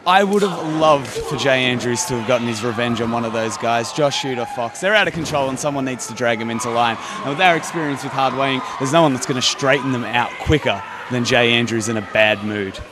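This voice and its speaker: A man's voice: mid-range voice, a little fast, hardly any pauses. A man, a wrestling champion, talking cockily and joking in a post-show wrap-up. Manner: cocky, boastful, joking. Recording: noisy background.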